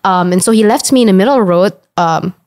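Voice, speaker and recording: A woman's voice: medium pitch, rapid-fire, darkish tone. Candid young woman. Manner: storytelling, candid, indignant. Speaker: guest. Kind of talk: casual chat.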